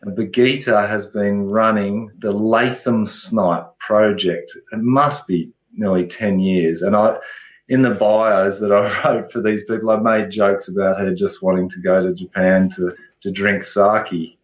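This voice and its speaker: A man speaks in a fairly low voice, answering questions casually and often restarting his sentences. The sound is dull and muffled, with a noticeable room echo around him. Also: measured pace. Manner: relaxed, hesitant restarts. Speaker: guest ecologist. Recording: echoey, dull remote audio.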